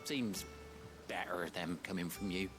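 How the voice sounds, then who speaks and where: An actor voicing a warm-hearted, slightly hesitant man who tends the hideaway's fruit tree. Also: low-pitched, measured pace. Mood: earnest. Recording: game audio with clear music.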